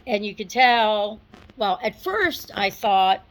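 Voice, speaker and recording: A middle-aged woman recounting a personal memory to an audience in an unhurried, conversational way, with asides and small laughs. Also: medium pitch, animated, fairly bright tone, low-quality recording. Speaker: storyteller. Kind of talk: personal recollection, told to an audience.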